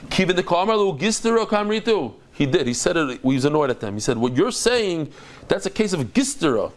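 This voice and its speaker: Animated man teaching Talmud with flair. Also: a little fast. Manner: lively, acts out dialogue with big pitch jumps.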